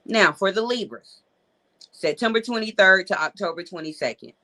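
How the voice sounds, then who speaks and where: A woman's voice: mid-range voice, expressive, moderate pace, pushed and bright, rough recording. A woman, hosting a live call-in show in a loose, chatty way and talking straight to her viewers. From Georgia, USA. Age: 40s. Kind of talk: casual live-stream chat.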